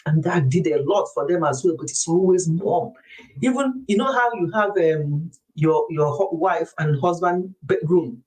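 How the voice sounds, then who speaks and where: A middle-aged woman hosting a wellness show, chatting to a group in a lively, confiding storytelling way. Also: on the low side, measured pace, low-quality recording. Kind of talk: casual chat to a group.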